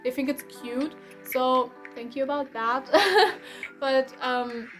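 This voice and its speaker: A woman's voice: high voice, slow, fairly bright tone, soft background music. A young woman from Germany with a German accent, giving a casual, rambling tarot reading with frequent restarts and light laughs. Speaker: tarot reader.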